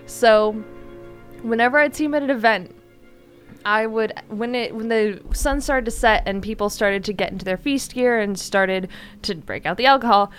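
A woman co-hosting a casual chat, telling anecdotes in an animated way. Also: on the high side, normal speed, faint music behind. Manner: animated storyteller, acts out quotes.

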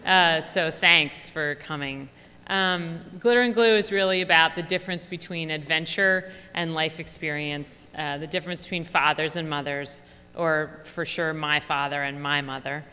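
Her voice low, clear and resonant, with a sharp tone and fairly even intonation, a woman speaks at normal speed in a big, echoing hall. An author with a Philadelphia accent, she keeps the humorous stage talk effusive and chatty, laughing often as she addresses the audience.

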